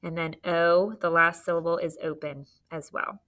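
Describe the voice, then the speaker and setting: A woman teacher giving a spelling lesson to children, patient and clear, sounding words out slowly. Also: lowish voice, level tone, a bit bright.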